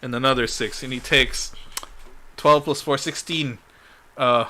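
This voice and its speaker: A man running a tabletop game as dungeon master, halting and full of "uh"s as he checks the rules. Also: mid-range voice, fairly even intonation, sharp tone. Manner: halting, fills pauses with "uh", laughs along.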